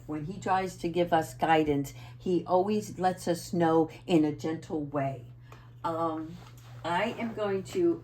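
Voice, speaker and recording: A woman giving a casual spiritual oracle card reading to her viewers, earnest and gentle, often checking in with "right?" and sometimes assertive. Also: fairly low pitch, slight background noise.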